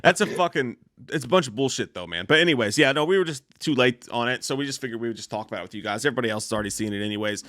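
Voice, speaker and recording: A man co-hosting a casual movie-trailer chat, animated and profane, laughing often. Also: mid-range voice, rapid-fire, no echo, clean studio sound. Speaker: co-host.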